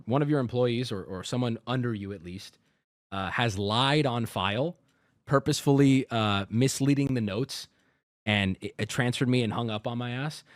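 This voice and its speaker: A man's voice: medium pitch, no room sound, studio quality. A man in his thirties, a streamer, angrily retelling a customer service call to his audience, swearing and quoting both sides. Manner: angry, profane, animated retelling with quoted dialogue. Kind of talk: ranting story to a stream audience.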